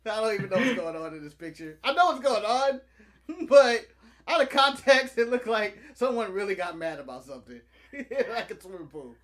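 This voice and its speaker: A young man co-hosts a casual wrestling podcast. He jokes constantly and breaks into laughter often. His voice is lively and swings widely in pitch. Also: normal speed. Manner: joking, laughs often, animated. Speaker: podcast co-host. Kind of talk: casual chat.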